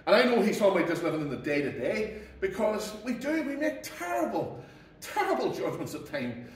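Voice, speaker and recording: A man's voice: sits high, fairly quick. A man with a Northern Irish accent, a pastor giving an earnest, folksy sermon. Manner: earnest, folksy, animated preaching. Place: church. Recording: echoey church from a distance.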